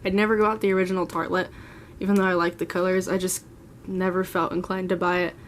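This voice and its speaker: A woman's voice: lowish voice, level tone, fast talker, slight background noise. A woman in her twenties chatting through a casual makeup collection tour, gushing and rambling as she talks. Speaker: beauty vlogger. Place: at home, seated.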